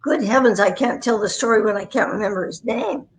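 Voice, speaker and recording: The audio is poor on this remote livestream call, where a guest voice actress in her 90s shares stories from her career. Rambling and self-deprecating, she speaks fairly quickly in a voice on the high side.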